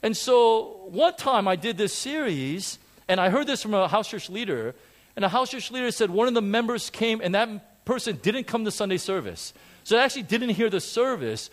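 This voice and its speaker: A man preaching a sermon in a church to a congregation, animated and self-deprecating, joking and repeating phrases for emphasis. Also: high voice, moderate pace. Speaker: pastor.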